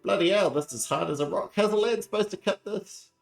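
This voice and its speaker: Guy doing a cheeky young soldier lad, pitched up, echoey room. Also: brisk, creaky, soft background music. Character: eager young male army private, cheeky.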